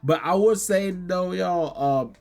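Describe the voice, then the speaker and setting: A man, hoarse from yelling, chatting casually to his vlog viewers and saying "y'all" again and again. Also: sits high, slow pace. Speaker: gaming and convention vlogger.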